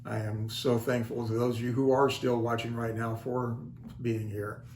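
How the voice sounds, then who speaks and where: A man's voice: medium pitch, level tone, normal speed, a little mellow, slight background noise. An older man hosts his own video channel in a casual, folksy way. He pokes fun at himself with dry wit. His voice sits in the middle range and bounces in an echoey room over faint background ambience. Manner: wry, self-deprecating, folksy. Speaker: channel host. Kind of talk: casual storytelling vlog. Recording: roomy echo, faint ambience.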